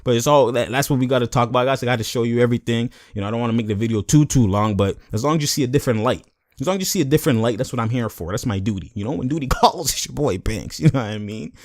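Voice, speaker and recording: A man's voice: medium pitch, racing, dry recording, studio quality. A young man doing casual video commentary, animatedly breaking down a basketball clip in slang and acting out what the players said. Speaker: sports commentary vlogger.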